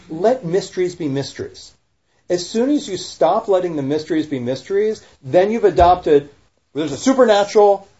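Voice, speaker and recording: Warm-toned man, lively rhetorical rabbi. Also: a little high. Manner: animated, rhetorical questions, quick self-corrections. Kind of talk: casual podcast discussion. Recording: dull lo-fi recording.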